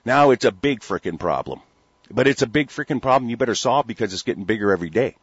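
A man's voice: mid-range voice, expressive, fast, slightly rough, no room sound. A man from the United States in a heated, rambling talk-radio rant, stammering through restarts and swearing freely. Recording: dull lo-fi recording.

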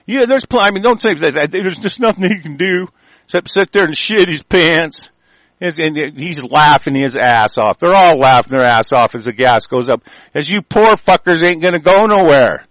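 Worked-up guy cursing up a storm, kinda high voice, super dry close sound. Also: no echo, rough recording. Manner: angry, profane, shouting bursts; halting with frequent fillers. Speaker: commentator. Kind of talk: profane ranting commentary reacting to news.

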